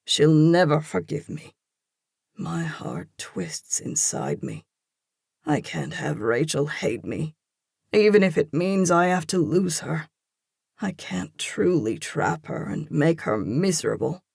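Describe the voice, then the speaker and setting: An audiobook narrator reading a first-person romance in a slow, intense, hushed delivery. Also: mid-range voice, animated, vocal fry, husky, no room sound, clean studio sound.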